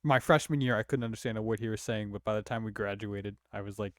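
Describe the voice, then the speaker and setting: A man's voice: lowish voice, steady tone, fast talker, dry recording, clean studio sound. A young man casually chatting while streaming a game, slangy and loose. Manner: casual, slangy, says bruh. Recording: game music behind.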